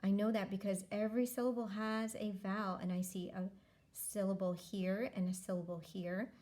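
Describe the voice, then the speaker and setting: Woman teacher, warm low-key tone, patient step-by-step phonics modeling. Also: level tone. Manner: slow, patient, modeling each step aloud. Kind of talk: phonics lesson.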